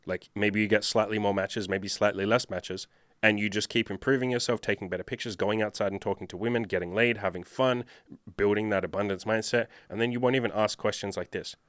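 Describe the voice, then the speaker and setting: A man's voice: lowish voice, fairly even intonation, fairly quick, fairly bright tone, no room sound, studio quality. A man working as a dating coach, answering viewer questions in a blunt, profane, lecturing monologue.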